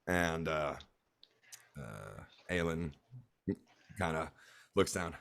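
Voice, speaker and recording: A man's voice: deep voice, steady tone, a little slow, a bit bright. A man narrating a tabletop game as game master, with a hesitant delivery full of fillers.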